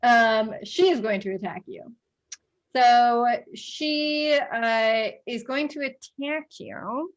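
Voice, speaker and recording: A woman with a slightly high voice narrates a tabletop game as its game master. She talks slowly and unhurriedly, breaking into giggles and trailing off on fillers between moves. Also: muffled recording.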